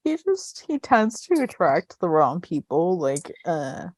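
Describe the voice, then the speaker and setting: A woman's voice: lowish voice, big pitch swings, slow pace, darkish tone, no room sound, clean studio sound. A woman co-hosting a podcast, chatting casually as she retells scenes of a TV episode with lots of fillers. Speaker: podcast co-host. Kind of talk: casual chat recapping a TV episode.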